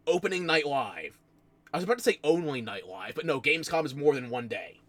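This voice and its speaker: Man, New Jersey accent, streamer chatting with viewers, lively swinging pitch, rambling self-mocking stories, desk mic. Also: a little fast, dry recording. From United States. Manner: rambling, self-mocking storytelling with frequent laughs. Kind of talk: casual stream chat.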